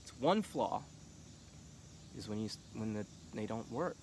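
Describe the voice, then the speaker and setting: A man's voice: lowish voice, lively intonation, measured pace, long pauses, a little hiss or hum. A middle-aged man talking casually and passionately, full of fillers. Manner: passionate, rising to heated shouting; casual, filler-heavy talk. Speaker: vlogger. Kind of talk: casual monologue on politics.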